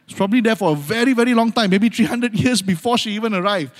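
A man's voice: sits high, fast talker. Man preaching in an echoing hall. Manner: dramatic swings from loud urgency to hushed near-whispers; repeats phrases for emphasis, calls out amen. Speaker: pastor. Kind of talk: sermon. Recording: long hall reverb.

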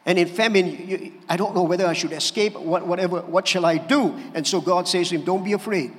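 A male pastor, preaching an animated sermon and calling for amens. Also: high voice, a little fast. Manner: animated preaching with calls for amen. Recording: church hall reverb.

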